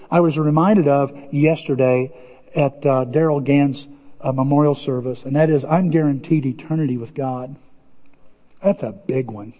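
A male pastor preaching a sermon in a lively, animated way, acting out quoted voices. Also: long reverb tail, highs cut off. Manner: animated, acts out quoted voices with big pitch jumps.

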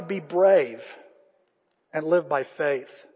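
High husky pastor guy preaching hard, loud then soft, echoey hall. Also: animated, unhurried, long pauses. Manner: impassioned, swings from shouting to hushed. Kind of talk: sermon.

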